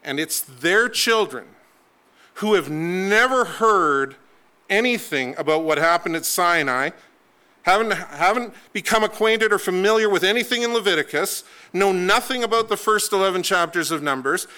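A man's voice: sits high, expressive, normal speed, pushed and bright, clean tone. A man preaching a sermon, telling the story with emphatic, dramatic delivery and sweeping shifts in pace.

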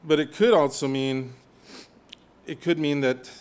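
Chatty, animated male preacher. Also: a little high, unhurried, clear, resonant tone. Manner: conversational, animated, with asides and humor. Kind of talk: sermon.

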